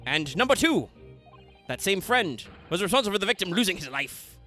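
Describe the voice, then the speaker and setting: A man's voice: high-pitched, very animated, brisk, pushed and bright, faint music behind, voice pushed up, heavily acted. A man voicing a pompous male Victorian detective in a put-on British accent, reading game dialogue with theatrical flourish. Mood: grandiose. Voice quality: theatrical, declamatory.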